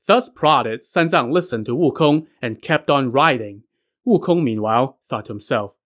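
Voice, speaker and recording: A man's voice: mid-range voice, animated, moderate pace, a bit bright. A man narrating a classic legend as a podcast host, with casual joking asides. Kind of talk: scripted story narration.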